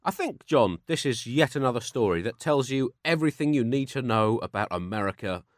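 A man's voice: medium pitch, lively intonation, a little fast, no room sound, studio quality. A man co-hosting a satirical comedy chat, with a mock-pompous, newsreader-style delivery. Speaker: comedy podcast co-host.

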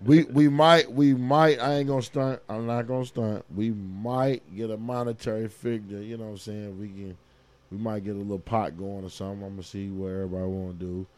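A man co-hosts a podcast in a brash, hyped way and swears freely. His voice is lowish and mellow. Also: fairly even intonation, a little fast. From Kentucky, US. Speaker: podcast co-host. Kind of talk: casual podcast chat.

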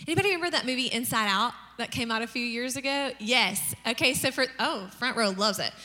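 A woman pastor giving a sermon, telling lively family stories and acting out their lines. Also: on the high side, fast. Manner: storytelling with acted-out family dialogue and humor. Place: church hall. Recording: long reverb of a large church hall.

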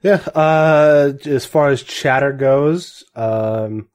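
A man running a tabletop game as game master, with a mid-pitched voice. His narration is loose and rambling, full of fillers and restarts. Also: drawn-out words, darkish tone.

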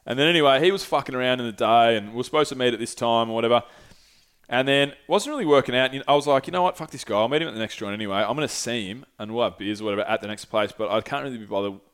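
A young man tells a travel story on his solo podcast. He rambles, swears freely and gets animated as he talks. His voice is smooth and clear on a close mic. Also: medium pitch, rapid-fire. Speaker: podcast host.

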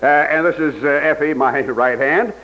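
A man's voice: a little high, normal speed, lightly acted. An actor playing a wisecracking hard-boiled male private eye with a dry, rambling delivery in a radio comedy sketch. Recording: dull old radio broadcast with hiss.

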